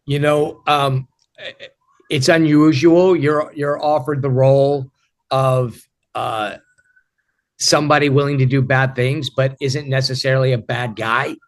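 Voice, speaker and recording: A man in his fifties answering interview questions as an actor, reflective and halting, with frequent repeated starts. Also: mid-range voice, steady tone. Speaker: actor guest.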